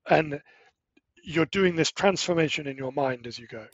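A middle-aged man speaking as an interview guest. He explains animatedly, with quick asides and self-corrections. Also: on the high side, lively intonation, dry recording, dull audio. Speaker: guest, language-learning startup co-founder. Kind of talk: casual explanatory interview talk.

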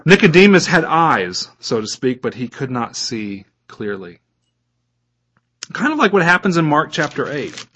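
A man's voice: a little high, big pitch swings, a little slow, fairly bright tone. A man preaching a sermon as a pastor, reading scripture aloud and putting questions to his listeners.

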